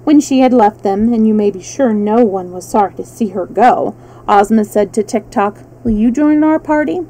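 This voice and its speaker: A woman reading a children's book aloud on a livestream, relaxed, with small slips she corrects. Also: mid-range voice, normal speed, poor audio. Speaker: storyteller. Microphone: livestream mic.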